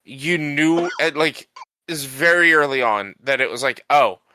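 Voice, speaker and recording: A man's voice: on the high side, a little slow, sharp tone, slight background noise. A man co-hosting a podcast, chatting casually about a film, rambling with lots of restarts. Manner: rambling, many restarts and fillers. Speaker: podcast co-host. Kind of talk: casual chat.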